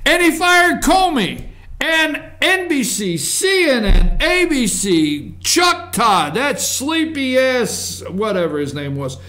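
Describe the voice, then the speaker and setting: High-pitched ranting man, slow and bright. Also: sing-song. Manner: sarcastic, ranting, mocking voices. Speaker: political commentary show host. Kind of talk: animated political commentary.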